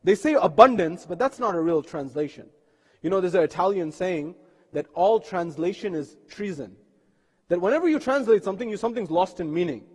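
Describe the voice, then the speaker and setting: Guy preaching a sermon, high voice, earnest storyteller, long echo off the mosque hall. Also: animated, brisk, breathy edge. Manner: earnest storytelling with rhetorical questions.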